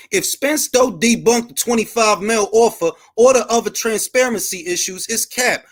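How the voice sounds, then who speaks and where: High-voiced man ranting emphatically. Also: a bit bright. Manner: emphatic, profane, repetitive ranting. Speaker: boxing content creator and host. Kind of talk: heated casual commentary.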